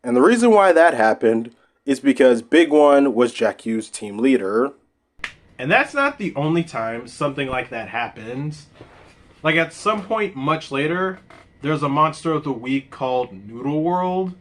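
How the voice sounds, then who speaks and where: A man casually reviewing a show, rambling and laughing, with loud excited outbursts. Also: mid-range voice, a little slow. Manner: rambling, laughs often, exclaims loudly.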